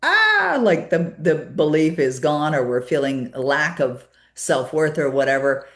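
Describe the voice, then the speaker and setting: Low-voiced woman telling a story. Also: unhurried, reverberant. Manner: storytelling, animated retelling with many fillers. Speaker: guest. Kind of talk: conversational interview.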